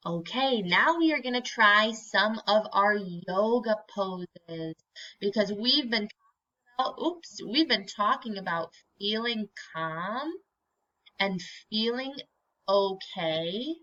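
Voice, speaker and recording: A woman teacher reading a picture book aloud to children and guiding them through yoga poses, gentle and encouraging. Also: medium pitch, animated, highs cut off. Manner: slow, gentle and encouraging, prompting children to join in.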